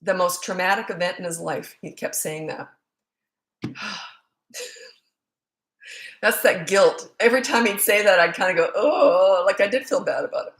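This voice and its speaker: A woman's voice: on the low side, a little fast, fairly bright tone. A middle-aged woman, a parenting coach, answering questions in a casual, blunt and joking way, rambling with asides. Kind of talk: casual Q&A monologue. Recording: roomy echo.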